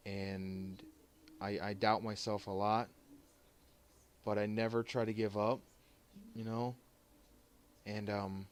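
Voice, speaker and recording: A man giving an emotional thank-you to his stream viewers, choked up and halting, restarting his sentences and pausing often as he holds back tears. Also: fairly low pitch, clean tone. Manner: halting and heartfelt, many restarts and pauses.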